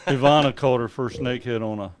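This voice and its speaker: A man's voice: medium pitch, fast, dry recording. A man co-hosting a casual talk show, laid-back with dry humor. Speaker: co-host. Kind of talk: casual chat.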